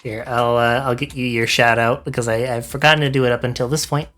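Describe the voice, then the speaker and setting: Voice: mid-range voice, level tone, quick pace, a bit bright, faint music behind. A host in a casual interview chat who often stammers and restarts sentences.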